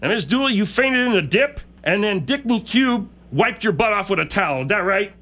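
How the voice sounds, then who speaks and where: A man hosting a comedy radio show, bossy and exasperated, quick to shout everyone down. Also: high voice, expressive. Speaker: radio host.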